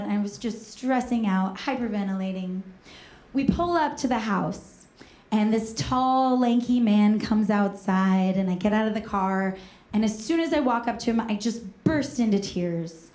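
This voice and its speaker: A woman from Northern California telling a comedic personal story on stage, lively and self-mocking, acting out the voices she quotes. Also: medium pitch, a little slow, roomy sound.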